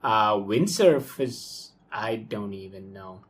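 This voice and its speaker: Excitable man thinking aloud at his desk. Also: on the low side, takes it slowly. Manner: excitable, thinks aloud, frequent okays and ums. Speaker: software developer talking through his workflow. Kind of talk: casual live screen-recorded walkthrough.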